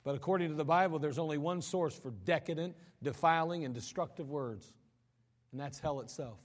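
A man preaching a sermon, swinging between raised emphatic lines and sudden quiet drops, often repeating words as he builds a point. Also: a little high, brisk. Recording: long hall reverb.

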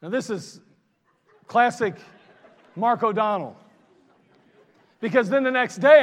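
A man with a high voice preaches in an animated, chatty way, mocking himself now and then. His pastor's sermon carries a long hall reverb, as if recorded in a church sanctuary. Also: measured pace, long pauses. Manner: animated, conversational preaching with self-mocking asides.

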